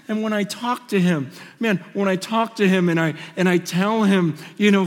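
A man preaching a sermon through personal stories, impassioned and swinging between loud and hushed, on a large hall stage. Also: sits high, fairly even intonation, normal speed, hardly any pauses. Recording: long hall reverb.

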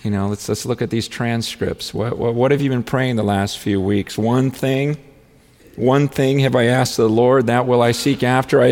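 A man preaching a sermon in an earnest, halting way, with many restarts, often rising into fervent, pleading prayer. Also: medium pitch, steady tone, darkish tone. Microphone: handheld or stand mic on stage. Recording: long hall reverb.

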